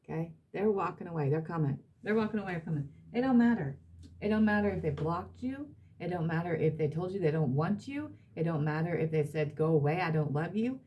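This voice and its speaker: A woman's voice: lowish voice, animated, fairly quick, highs cut off. A woman reading tarot cards for her audience, emphatic and blunt, repeating herself and swearing now and then. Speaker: tarot reader.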